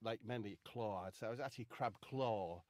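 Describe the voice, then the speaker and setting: Deadpan man rambling through a story. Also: lowish voice, brisk, dry recording, clean studio sound. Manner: rambling, deadpan, swears casually. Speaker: comedian. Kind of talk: comic storytelling.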